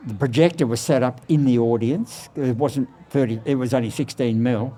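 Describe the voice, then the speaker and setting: Older Australian man, mellow voice. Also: medium pitch, moderate pace. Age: 80s. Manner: animated storyteller, laughs often. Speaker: guest, surfboard shaper. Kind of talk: storytelling interview. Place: outside a surfboard factory.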